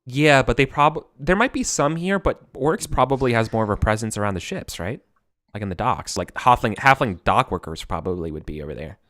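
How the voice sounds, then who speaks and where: A man's voice: medium pitch, expressive, fairly quick, fairly bright tone, no room sound, clean studio sound. A man as game master, talking casually and rambling, swearing freely. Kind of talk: running a tabletop game.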